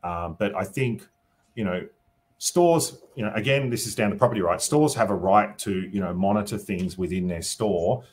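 Husky low-voiced Australian man. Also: moderate pace, darkish tone. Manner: thinking aloud, often adds "you know" and "right?". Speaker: politician guest. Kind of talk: casual interview answers.

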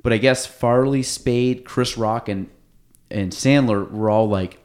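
A man hosting a casual podcast chat in a studio, retelling stories in an animated way with many restarts and quoted lines. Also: mid-range voice, a little slow. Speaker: podcast host.

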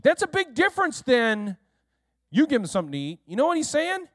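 Man, pastor, sermon, high voice, dry close sound. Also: a little fast, dry recording. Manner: animated, keeps asking the congregation questions; speaks directly to listeners in the room.

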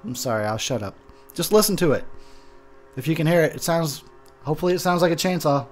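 Rambling, swearing man with slightly high voice. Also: lively intonation, fast talker, faint music behind. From Texas. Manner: rambling, swearing, frustrated ranting. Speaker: movie commentary host. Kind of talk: drunk casual movie commentary. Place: home room near a window. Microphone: home recording mic.

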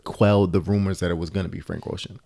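A man's voice: deep voice, steady tone, fast talker, gravelly, a crowd in the background. A man co-hosting a podcast in a casual, opinionated chat, rambling with lots of fillers. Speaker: podcast co-host.

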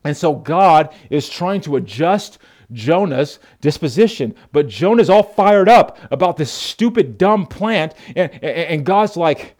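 Earnest male pastor, rather high voice. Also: expressive, measured pace, a little mellow. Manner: earnest, emphatic, calls listeners "folks". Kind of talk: sermon.

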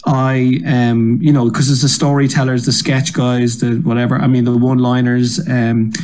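An Irish man, a comedian guest, telling rambling animated stories in casual podcast chat. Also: mid-range voice, normal speed. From Ireland. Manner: animated storyteller, rambling restarts.

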